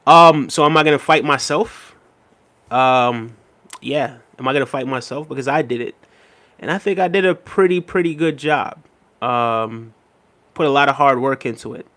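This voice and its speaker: Easygoing guy on a live stream, reads out comments, lots of um and you know, mid pitch. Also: normal speed, a bit bright. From Jamaica. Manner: laid-back, chatty, frequent "um" and "you know what I mean". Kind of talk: casual live-stream chat reading comments.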